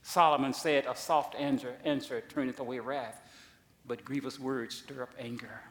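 A man pastor preaching a sermon, swinging from soft asides to loud, high-pitched emphasis. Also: steady tone, normal speed, a little hiss or hum. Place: church sanctuary. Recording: echoey church hall.

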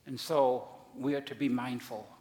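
A man's voice: steady tone, normal speed. Preaching man in an echoey hall. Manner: preaching with big swings in loudness and pitch. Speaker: pastor. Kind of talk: sermon. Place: church sanctuary.

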